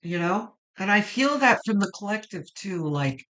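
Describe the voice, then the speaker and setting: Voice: medium pitch, lively intonation, moderate pace, sharp tone. A tarot reader giving a weekly reading to viewers, reflective and rambling, with many fillers and restarts, and emotional, moved near tears.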